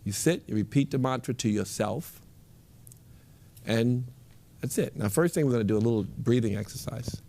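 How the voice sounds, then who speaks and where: Gravelly-voiced man teaching meditation. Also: medium pitch, normal speed, long pauses. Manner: relaxed, instructive, repeats phrases. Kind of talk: guided meditation with a live group.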